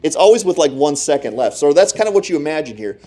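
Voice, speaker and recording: Dark-voiced man preaching a sermon. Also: a little high, fast. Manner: animated storytelling, rising and dropping to near whispers; talks to the congregation directly with asides. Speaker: pastor.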